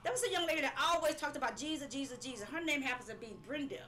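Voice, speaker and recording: A woman's voice: high-pitched, racing, sharp tone, a little hiss or hum. A woman preaching a live-streamed sermon, emphatic and repetitive, sometimes breaking into laughing cries.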